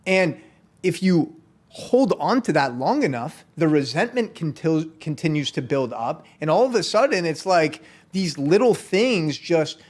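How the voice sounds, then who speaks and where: A man hosting a podcast speaks earnestly and steadily, with a voice a little higher than most men's. He shares spiritual ideas in a calm, reflective tone. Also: measured pace. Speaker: podcast host.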